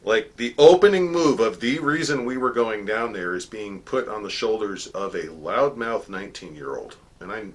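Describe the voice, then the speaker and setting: A man telling a personal story in a casual monologue, animated, acting out the dialogue with frequent filler words. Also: on the low side, normal speed, few pauses. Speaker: channel host recounting a story.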